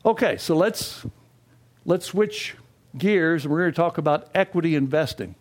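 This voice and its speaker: A man's voice: fairly high pitch, expressive, normal speed. An older man giving a classroom lecture on finances, folksy and posing questions to the class before answering them himself. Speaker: financial education instructor.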